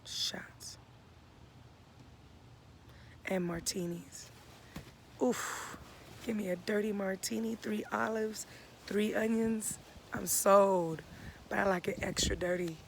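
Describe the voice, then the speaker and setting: A slow, unhurried man in his thirties with a gravelly, fry-edged voice, musing in a casual vlog. He slides often into soft half-whispers as he talks into a phone. The outdoor recording carries clear background noise. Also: high voice, fairly even intonation. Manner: laid-back, drifting into soft half-whispers. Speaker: vlogger.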